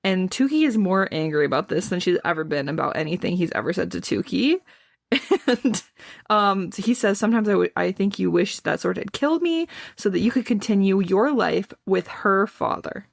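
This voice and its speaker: A podcast co-host talking through a book chapter by chapter, her voice full of vocal fry. She reads passages aloud with relaxed, chatty energy and breaks into laughs along the way. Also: mid-range voice, moderate pace. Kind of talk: casual book recap chat.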